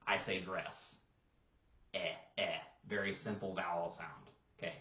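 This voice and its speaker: A man's voice: sits low, level tone, moderate pace, pushed and bright, recorded from a distance. A man, a language teacher co-hosting a podcast, explaining patiently in casual talk, demonstrating sounds and using plenty of fillers. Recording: roomy, dull lo-fi sound.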